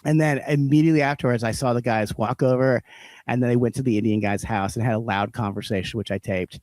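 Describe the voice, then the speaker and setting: A man's voice: mid-range voice, fairly even intonation, quick pace, a little mellow, no echo. A man co-hosting a podcast, ranting in a heated, profane, casual chat. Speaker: podcast co-host.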